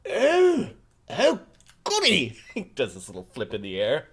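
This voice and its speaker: A man's voice: fairly low pitch, lively intonation, fairly quick, breathy edge, voice pushed down. A man voicing a flamboyant, fawning floating casino guide with a put-on French flair. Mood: delighted. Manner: theatrical, fawning, full of French exclamations.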